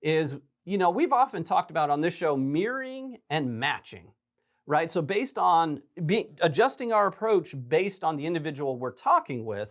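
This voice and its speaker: A male podcast host talks through a recorded recruiting call in a relaxed, conversational way. He hedges often and keeps checking in with his guest. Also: fairly high pitch. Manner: conversational, hedging with "right?" and "um". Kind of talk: podcast commentary.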